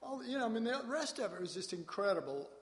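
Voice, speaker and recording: A man's voice: high voice, sing-song, fast. A man from Dallas, Texas, preaching a sermon in a folksy, storytelling way with colloquial asides. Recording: long hall reverb.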